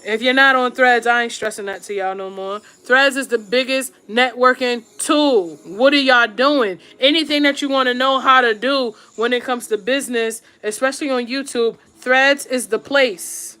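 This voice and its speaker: A woman's voice: on the high side, normal speed, few pauses, pushed and bright, smooth. A woman streamer giving casual, blunt advice to her viewers while doing her makeup, slangy and emphatic, repeating her points for stress. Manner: slangy, addresses viewers directly. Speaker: YouTube streamer and podcaster.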